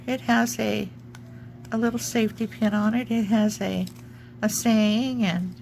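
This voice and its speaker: Slow, gravelly woman chatting about crafts. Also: a little high, a little hiss or hum. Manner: rambling, searches for words, many ums. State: has the hiccups. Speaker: junk journal crafter. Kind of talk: casual craft show-and-tell.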